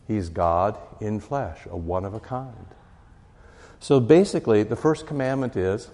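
A man's voice: lowish voice, lively intonation, unhurried, warm tone, long reverb tail. A man teaching a catechism class as pastor, talking conversationally and often checking in with his listeners. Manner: conversational, often asks "right?".

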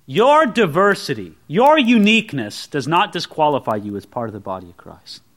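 A man preaching a sermon in a conversational, animated way, with joking asides. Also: on the high side, normal speed.

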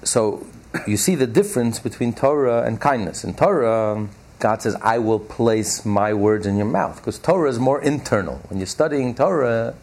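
A man teaching a religious text class, explaining emphatically and repeating key phrases slowly for stress. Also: medium pitch, a little mellow, breathy edge.

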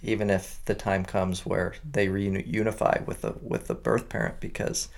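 Low-voiced male radio host. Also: little pitch movement, normal speed, creaky. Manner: conversational, supportive, with fillers. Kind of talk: radio interview.

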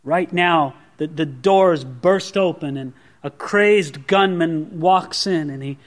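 A man's voice: on the high side, slow. A man preaching an expository sermon, earnest and asking the listeners rhetorical questions. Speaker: pastor.

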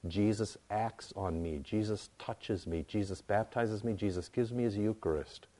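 A male pastor delivers a sermon in a relaxed, conversational tone. His voice sits a little low. He builds his points through emphatic, repeated phrases. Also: moderate pace.

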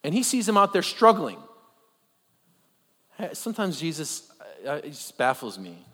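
Animated preacher man in a big hall. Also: on the high side, normal speed. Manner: animated, with joking asides and rhetorical questions. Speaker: pastor. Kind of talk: conversational sermon. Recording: long reverb of a large hall.

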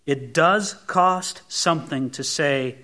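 A male pastor delivering a sermon, animated and emphatic, asking the congregation rhetorical questions and swinging between emphatic rises and hushed drops. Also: fairly high pitch, takes it slowly. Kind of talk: expository sermon.

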